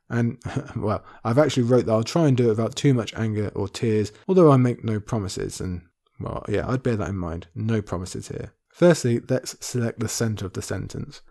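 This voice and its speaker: A man's voice: mid-range voice, dark tone. A man hosting a podcast and discussing a book, earnest and impassioned, close to tears. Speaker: podcast host.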